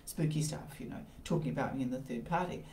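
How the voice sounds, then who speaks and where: A woman's voice: extremely low pitch, fast talker, warm tone, roomy sound, recorded from a distance, a little hiss or hum, voice pushed down. A woman voicing her own snide, belittling inner critic, talking scornfully. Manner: scornful and dismissive.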